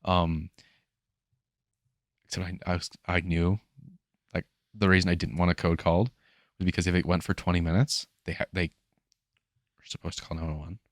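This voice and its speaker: A man's voice: low-pitched, little pitch movement, normal speed, long pauses, dry recording, studio quality. A young man co-hosting a podcast, animatedly retelling a story in casual chat, acting out others' lines and swearing freely. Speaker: podcast co-host.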